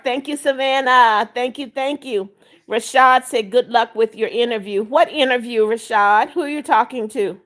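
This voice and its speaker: Older woman hosting a chatty live stream. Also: a little high. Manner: reads viewer comments aloud, warm greetings, firm with rule breakers. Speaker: livestream host. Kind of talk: live chat reading.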